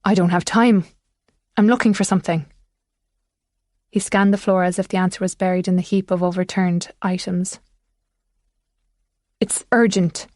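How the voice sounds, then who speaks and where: A woman's voice: fairly low pitch, fairly even intonation, normal speed, pauses often, darkish tone, no echo, close to an everyday voice. A woman reading the part of an older country veterinarian who has lost his footing. He rambles, distracted and whimsical, fixed on some urgent thing he cannot name. The sound is dry and close, with no room around it. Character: confused older male country vet, restless.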